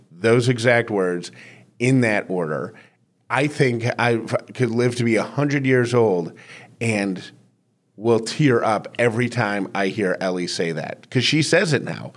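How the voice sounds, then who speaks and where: A man with a fairly low voice sends a recorded message full of fatherly advice. He speaks earnestly and lets his emotion show. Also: measured pace. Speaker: guest giving parenting advice.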